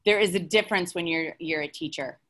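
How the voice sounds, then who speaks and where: A woman's voice: lowish voice, fairly quick, fairly bright tone. A woman in her forties, an educator, explaining herself in a casual interview with anecdotes. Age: 40s. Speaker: educator guest.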